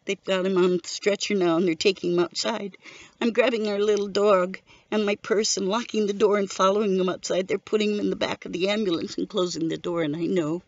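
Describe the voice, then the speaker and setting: A woman's voice: medium pitch, brisk, no echo. A middle-aged widow telling her story in an earnest, grieving personal testimony. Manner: grieving, earnest, steady recounting. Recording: dull lo-fi recording.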